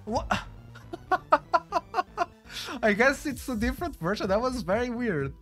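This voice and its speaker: A British man streaming a game live, chatting with viewers and reacting loudly to the action. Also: very high-pitched, a little slow. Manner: chatty, excitable, greets chat and reacts loudly. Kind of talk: live gameplay commentary. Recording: game music behind voice.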